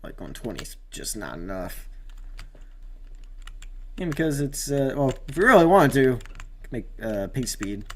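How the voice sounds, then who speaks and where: A man's voice: mid-range voice, moderate pace, long pauses, slight background noise. Rambling man commenting on a racing game. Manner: rambling, excitable at near-crashes. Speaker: gamer doing race commentary.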